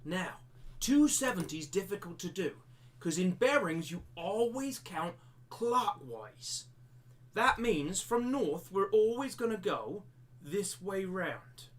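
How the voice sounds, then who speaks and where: A man's voice: high voice, big pitch swings, takes it slowly. A man teaching a live-streamed maths lesson step by step, slipping into a jokey pirate-like accent. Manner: explains step by step, repeating himself.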